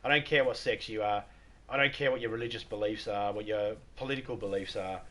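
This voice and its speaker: A man's voice: fairly low pitch, brisk, bright, forceful tone. A middle-aged Australian man chatting casually on a live stream, joking, swearing and laughing often.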